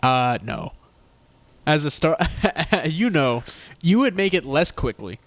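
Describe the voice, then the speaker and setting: A man's voice: a little high, very animated, slow. Giggly young man with a raised voice. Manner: rambling, giggly, meandering. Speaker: co-host. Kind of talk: casual comedic banter.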